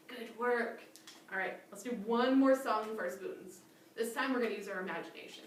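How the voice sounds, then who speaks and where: A woman's voice: fairly high pitch, moderate pace, heavy reverb, far from the mic, heavy background noise. A woman, a children's librarian, leading a cheerful storytime and coaxing small children along.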